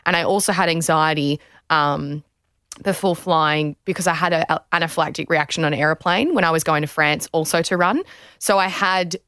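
Smooth, low-voiced young woman hosting. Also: moderate pace, fairly bright tone, dry recording, studio quality. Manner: candid, chatty, personal. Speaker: host, retired sprinter. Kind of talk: conversational interview.

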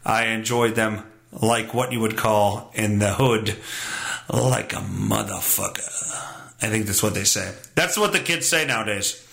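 A man's voice: on the low side, measured pace, gravelly, fairly bright tone. A young man hosting his own podcast, rambling casually in a profane, self-mocking way. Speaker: podcast host. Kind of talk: casual solo podcast monologue.

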